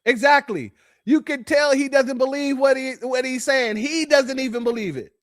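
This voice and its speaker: Male online preacher-commentator, high-pitched, dry close mic, preachy and sarcastic. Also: normal speed, no echo. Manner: preachy, sarcastic, addresses listeners as family. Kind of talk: sermon-style livestream commentary.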